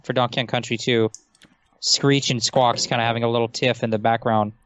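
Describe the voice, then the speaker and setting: A man's voice: medium pitch, level tone, brisk, fairly bright tone, clean tone, dry recording, dull audio. A man talking as a guest on a casual podcast, easygoing and chuckling as he talks.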